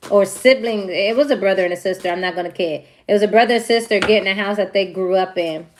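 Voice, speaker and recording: A woman's voice: medium pitch, quick pace, slight background noise. A young adult woman giving a casual tarot reading, stressing her points by repeating them. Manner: emphatic, repeats key phrases. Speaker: tarot reader.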